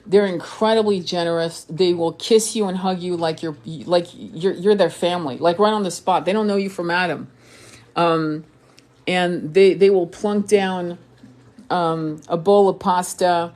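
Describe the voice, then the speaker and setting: Speaking at a measured pace in a lowish, darkish voice, a woman born in France chats on a live stream as a tarot reader and spiritual coach. She reads comments and rambles, with lots of profanity, laughter and restarts.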